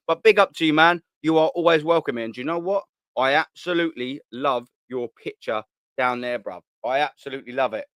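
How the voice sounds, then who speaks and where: A man hosting a live fan channel reads viewer comments aloud in a casual stream, blunt, slangy and sweary, laughing frequently. His mid-range voice has a fairly bright tone, with no echo.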